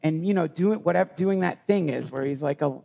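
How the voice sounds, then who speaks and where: A mellow, gravelly man with a raised pitch, here a podcast guest, relates a heartfelt personal story during a live retreat session. He meanders and pauses, restarting often and returning to things he already said.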